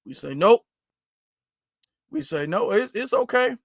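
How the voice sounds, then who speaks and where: Man, livestream host, high voice, dry close sound, preachy and teasing, repeats himself. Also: big pitch swings, measured pace, no echo. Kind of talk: casual livestream talk.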